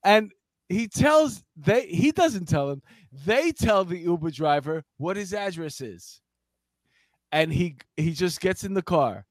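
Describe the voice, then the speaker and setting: A man in his fifties spins a long, meandering story in casual banter, getting animated and excited as he goes. His voice sits a little high for a man and the sound is very dry and close, with hardly any room around it. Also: a little slow, dry recording. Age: 50s. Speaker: podcast co-host. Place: Los Angeles.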